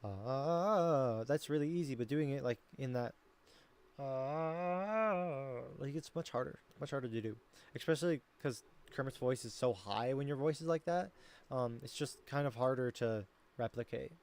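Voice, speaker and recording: A man's voice: medium pitch, fairly quick, darkish tone. A man chatting casually as a streamer, rambling and thinking aloud while he critiques his own voice work. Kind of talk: casual chat.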